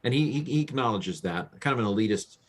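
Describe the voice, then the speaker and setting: A man's voice: medium pitch, animated, fast talker. A man who is a guest professor on a podcast, speaking over a video call, hesitant with many ums and repeated words.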